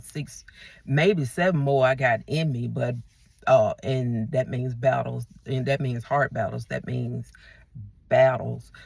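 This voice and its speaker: A woman's voice: extremely low pitch, vocal fry, breathy edge, no room sound. A woman vlogger delivering a ranting monologue to her viewers, emphatic and repeating herself as she restarts her sentences.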